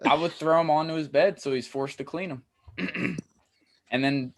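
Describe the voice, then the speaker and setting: A man's voice: on the high side, normal speed, vocal fry, slight background noise. A young man co-hosting a podcast, telling a story animatedly and acting out what people said, with laughs. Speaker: podcast co-host. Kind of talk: casual storytelling.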